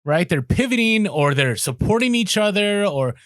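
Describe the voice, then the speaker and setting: Male podcast co-host, slightly high voice, emphatic and chatty, dry close mic. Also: normal speed, no echo. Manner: animated, emphatic, filler-heavy. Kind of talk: casual chat.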